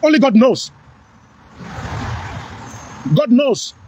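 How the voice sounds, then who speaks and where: A man's voice: extremely high pitch, very slow, mellow. A middle-aged Nigerian man with a Pidgin-tinged accent, giving an impassioned, preachy monologue as a political commentator, repeating his points with emphasis.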